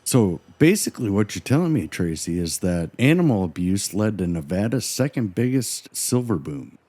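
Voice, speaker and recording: A fairly low-pitched man with big pitch swings speaks at normal speed as a podcast co-host. He's goofy and wisecracking during the story, punctuating it with loud joke yells, in scripted banter.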